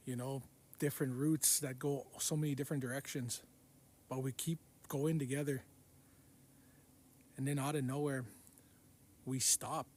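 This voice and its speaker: Man, dream retelling, unhurried, repeats himself, medium pitch, faint hiss behind. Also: a little mellow. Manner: unhurried, repetitive storytelling. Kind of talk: recounting a dream.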